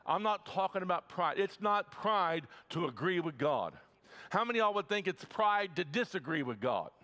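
A pastor from the Midwest preaching a sermon in his church, energetic, with frequent stammered restarts. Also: high-pitched, moderate pace. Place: church sanctuary.

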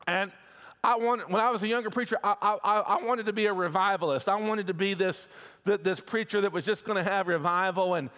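A man's voice: high-pitched, a little fast, bright, forceful tone. A middle-aged man preaching a sermon as pastor, folksy and often checking in with the congregation. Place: church sanctuary. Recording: long reverb of a church hall.

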